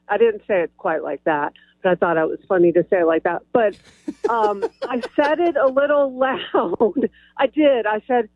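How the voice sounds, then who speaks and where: A woman's voice: fairly high pitch, normal speed, no echo. A woman calling in to a radio show, cheerful and chatty, giggling as she tells her story. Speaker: caller. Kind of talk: telling a story on a call-in show. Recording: tinny phone line.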